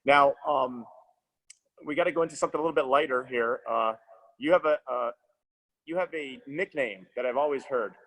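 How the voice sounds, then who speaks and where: A man's voice: mid-range voice, moderate pace, fairly bright tone, rough recording. A man hosting a podcast interview, chatting casually and rambling with frequent restarts. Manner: rambling, restarts phrases, many fillers. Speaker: podcast host.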